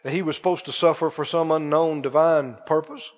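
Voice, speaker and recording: A man's voice: on the high side, steady tone. Man, preacher, emphatic sermon, long hall reverb, dull lo-fi sound. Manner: emphatic, drawn-out quoting of pleas.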